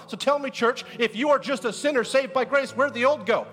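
A pastor preaching a sermon in a lively, joking way, firing rhetorical questions at his church. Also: very high-pitched, brisk, few pauses, soft background music. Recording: echoey hall.

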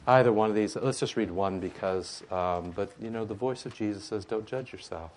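A man's voice: lowish voice, a little fast, a little mellow, slight background noise. A man teaching a Bible study in a conversational way, with frequent rhetorical asides.

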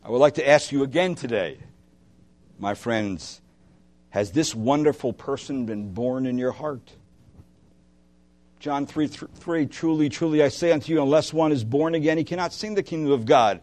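A man preaching a sermon as pastor, impassioned, moving between loud emphatic lines and hushed ones, asking his listeners direct questions. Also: medium pitch, expressive, moderate pace.

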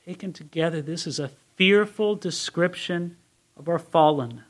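A man preaching an expository sermon as a Bible teacher, earnest, moving between quiet and emphatic passages. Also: on the high side, moderate pace.

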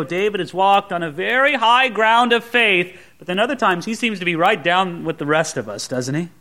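High, bright-voiced male preacher. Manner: dramatic, voices the Bible characters with rising intensity. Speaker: pastor. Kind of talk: expository sermon.

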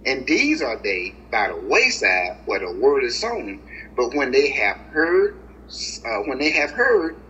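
A man preaching, his bright voice leaping up and down in pitch as he reads verses slowly and explains them to the congregation. He speaks directly to his listeners as family and guys. The recording is slightly muffled, with a faint hum of room noise behind him. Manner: animated, with swings of pitch and slow drawn-out scripture reading. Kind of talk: sermon, reading and explaining scripture.

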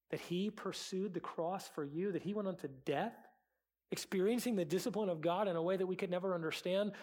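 Husky high-voiced male preacher. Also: a little mellow. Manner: earnest, acts out prayers and excuses in quoted voices. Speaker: pastor. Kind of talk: sermon.

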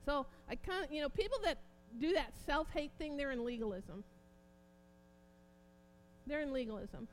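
Lady preaching, high voice, gets real fired up, bit of hum behind. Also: normal speed, pauses often. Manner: impassioned, rising to near-shouting emphasis. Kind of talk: informal sermon.

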